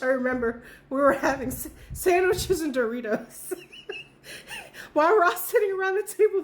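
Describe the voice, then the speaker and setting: A young woman tells a childhood story in a relaxed, casual way, with a noticeably high voice. She swears freely and breaks into laughter often. The delivery stays chatty and unpolished.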